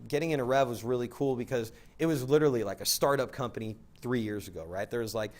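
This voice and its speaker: A man speaks at a very fast clip as a guest on a talk show. He tells his story in a loose, rambling way, with "like" and "right?" scattered through his sentences. His pitch sits in an ordinary middle range. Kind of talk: casual anecdotal storytelling.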